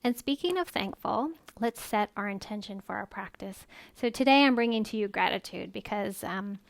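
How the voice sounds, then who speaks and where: A woman yoga instructor gently guiding a live-streamed class in a chatty, easygoing way. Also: medium pitch, lively intonation, moderate pace, creaky, dry recording. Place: home room, phone camera set far off. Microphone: phone far across the room.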